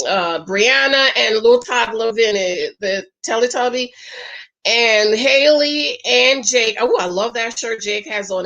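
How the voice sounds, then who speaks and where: A woman's voice: a little high, sharp tone, lo-fi sound. A woman hosting a casual reality TV recap, chatty and exclamatory, often calling her viewers child and honey.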